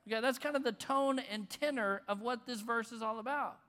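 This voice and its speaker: A pastor preaching a conversational sermon, with bursts of loud emphasis. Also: male voice, extremely high pitch, fairly even intonation, fairly quick, hardly any pauses. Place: church auditorium. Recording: long reverb in a large hall.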